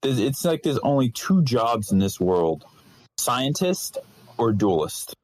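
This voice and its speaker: A young man guesting on a casual podcast, talking in a relaxed way with many restarts and fillers. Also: mid-range voice, slow pace, dry recording, low-quality recording. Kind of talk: casual chat.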